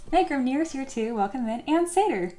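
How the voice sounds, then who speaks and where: A woman's voice: high voice, animated, moderate pace, dark tone, soft background music. A woman hosting a casual livestream, chatting with her viewers, reading their comments aloud and cheering them on. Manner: upbeat and encouraging toward viewers. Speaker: livestream host and 3D sculptor.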